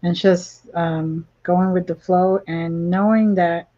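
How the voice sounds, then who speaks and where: A woman host interviews a guest in a low, very slow voice. The sound is dull and lo-fi. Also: fairly even intonation, dark tone, faint music behind. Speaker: podcast host.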